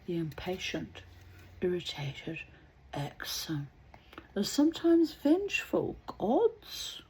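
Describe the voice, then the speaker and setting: A woman's voice: lowish voice, animated, slow pace, darkish tone, husky. A middle-aged woman reading aloud and rambling in wry asides, sometimes dropping to a whisper. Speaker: reader.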